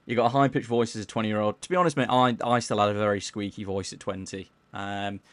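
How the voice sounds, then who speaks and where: A man casually chatting on a live gaming stream, reading chat aloud in a mellowed-out, low-key way and tripping over words as he plays. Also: fairly even intonation, fast talker, dry recording. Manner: stumbles over words while playing.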